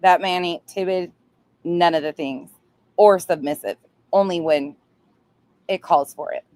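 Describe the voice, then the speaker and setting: A woman's voice: on the low side, measured pace, a little mellow. A woman hosting a livestream chat, blunt, profane and fired up. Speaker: livestream host. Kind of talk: casual chat.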